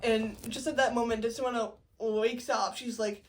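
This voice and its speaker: A woman's voice: a little high, fairly even intonation, moderate pace, far from the mic, slight background noise. A woman casually recapping a play as co-host, chatty with wry asides.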